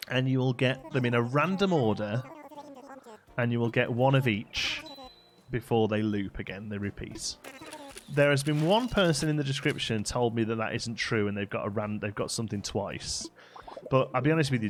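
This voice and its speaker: A man casually commenting on his own gameplay during a live stream, chatting with viewers and answering their messages. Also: mid-range voice. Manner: relaxed, chatty, reads chat aloud and answers it.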